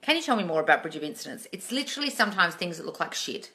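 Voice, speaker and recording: A woman runs a live question-and-answer stream, and her voice is bright and forceful. She scolds her viewers bluntly and swears freely. Her pitch sits fairly low. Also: very animated, racing. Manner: sarcastic mimicry of viewers. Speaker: manifesting coach.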